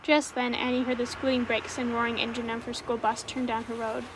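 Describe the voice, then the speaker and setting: A woman giving a calm, measured scripted narration of a spooky story. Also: fairly high pitch, noisy background.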